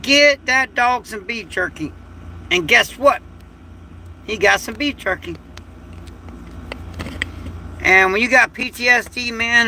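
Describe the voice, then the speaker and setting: A man's voice: very high-pitched, pushed and bright, slight background noise. A man, hosting a casual livestream chat from home at night, talking in a rambling, folksy and emotional way. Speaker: livestream host.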